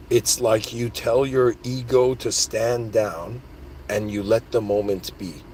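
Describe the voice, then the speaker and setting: A man with a fairly low voice talks through spiritual ideas on his own podcast. He rambles and gets excitable, stacking "like" and "dude" as he goes. A faint background noise sits under the recording. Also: takes it slowly. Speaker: podcast host. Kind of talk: casual spiritual monologue.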